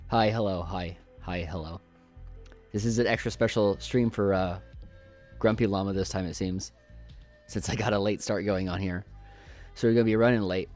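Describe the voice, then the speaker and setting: A man's voice: sits low, fairly even intonation, moderate pace, pauses often, darkish tone, faint music behind. A man doing casual live game commentary, chatty and jokey, thinking aloud as he plays into a desk microphone. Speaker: streamer.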